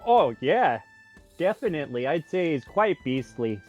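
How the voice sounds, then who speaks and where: A man's voice: on the high side, sing-song, moderate pace, soft background music. A man playing his character in a tabletop game, talking eagerly and chattily over a lo-fi voice chat mic. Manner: eager, chatty, laughs along. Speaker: player. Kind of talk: in-character tabletop role-play.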